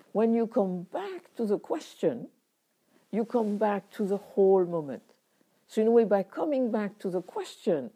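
A middle-aged woman teaching meditation, reflective and unhurried, speaking in short phrases with frequent pauses. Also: medium pitch, mellow, breathy edge.

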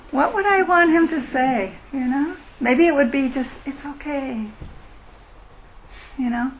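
A woman teaching mindfulness at a retreat and answering questions, in a gentle, reflective way that acts out inner thoughts. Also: fairly high pitch, vocal fry, a little hiss or hum, low-quality recording. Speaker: meditation teacher.

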